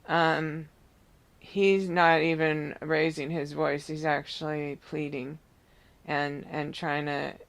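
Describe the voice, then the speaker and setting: A psychic medium giving a reading, describing visions in a halting, searching way full of restarts. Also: mid-range voice, flat delivery, vocal fry, fairly bright tone.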